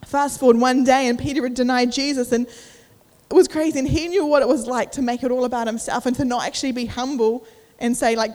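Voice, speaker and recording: A woman's voice: fairly high pitch, steady tone, brisk, few pauses, darkish tone, long reverb tail. A young adult woman giving a sermon. She tells a personal story casually and with feeling, with many fillers. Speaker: preacher.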